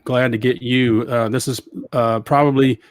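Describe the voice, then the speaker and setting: A man's voice: mid-range voice, fairly even intonation, moderate pace, no room sound, clean studio sound. Folksy Southern man hosting a podcast. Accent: Southern US, Georgia. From Georgia, US. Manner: folksy, rambling, lots of fillers. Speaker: podcast host. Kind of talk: casual interview chat.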